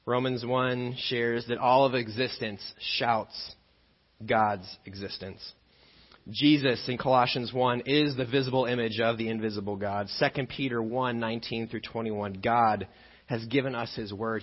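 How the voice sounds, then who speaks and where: Guy pastor preaching, animated storyteller, jokey, muffled lo-fi audio. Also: medium pitch, normal speed, long reverb tail. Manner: animated, joking storyteller who acts out scenes. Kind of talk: sermon with personal storytelling. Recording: dull lo-fi sermon recording.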